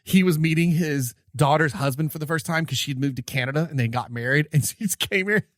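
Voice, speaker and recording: A man's voice: on the high side, brisk, dry recording, clean studio sound. A man co-hosting a podcast, telling stories in a rambling way with many fillers, laughing as he goes. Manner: laughs while retelling stories. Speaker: podcast co-host. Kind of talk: casual chat.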